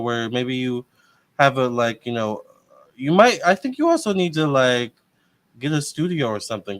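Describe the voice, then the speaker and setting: A man hosting a live tarot reading, talking in a relaxed, conversational way full of casual fillers. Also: medium pitch. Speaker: tarot reader host.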